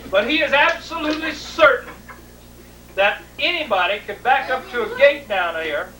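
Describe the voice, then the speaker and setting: A man's voice: extremely high pitch, expressive, normal speed, sharp tone. Folksy man spinning a yarn. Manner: colorful, folksy, laughing as he tells. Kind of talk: animated family storytelling. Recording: roomy, distant home video with faint noise.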